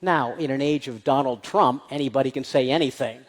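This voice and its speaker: A speaker with a brisk, mid-range voice gives a lecture-style public talk in a large hall with an audience, and the sound has a big-room quality. The delivery is emphatic, with rhetorical questions and stress on key points.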